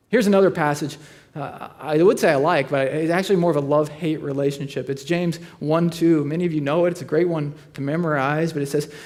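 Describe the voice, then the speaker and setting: A man in his thirties preaching a sermon, telling stories with dry humor and slowing to a quiet delivery on serious points. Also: on the high side. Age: 30s. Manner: conversational storytelling with dry humor. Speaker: pastor.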